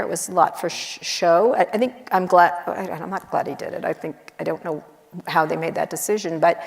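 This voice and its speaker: A middle-aged woman journalist chatting casually on stage, blunt and wry, telling quick animated stories with asides. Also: on the low side, creaky. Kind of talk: casual onstage conversation. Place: large university auditorium. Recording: long auditorium reverb.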